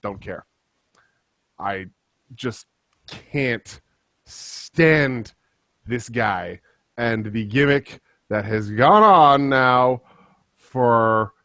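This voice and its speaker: Man guest, heated fan rant, mid-pitched, dry close sound. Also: no room sound. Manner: impassioned ranting, pleading. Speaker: podcast guest. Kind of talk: casual wrestling chat.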